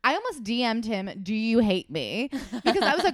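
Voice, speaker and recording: A young woman co-hosting a podcast, telling an animated story with swearing and acted-out dialogue. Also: a little high, fairly quick, few pauses, no room sound, clean studio sound. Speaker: podcast co-host. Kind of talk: casual chat.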